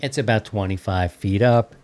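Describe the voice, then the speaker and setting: A man's voice: on the low side, moderate pace, darkish tone. A man hosting a radio-hobby podcast in a loose, rambling, casual chat with many fillers. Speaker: podcast host.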